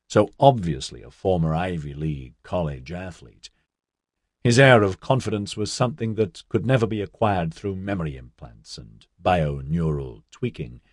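Male audiobook narrator, low and husky, measured delivery, dry studio recording. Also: a little mellow, no room sound. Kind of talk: scripted narration.

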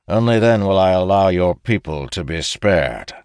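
A man reading an audiobook, voicing a cold, merciless male general who speaks gruffly and evenly. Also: low voice, moderate pace, no echo, clean studio sound, pitched above the performer's own voice. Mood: menacing. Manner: gruff, even, unyielding.

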